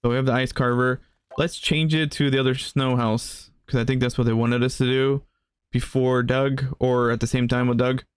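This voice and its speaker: A man talks through a video game in a loose, chatty way, laughing along as he plays. His voice is smooth and clear, recorded close and dry with no room sound. His pitch sits right in the middle. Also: level tone, moderate pace, no echo. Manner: casual, chatty, laughs often. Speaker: gaming channel host. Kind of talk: let's play commentary.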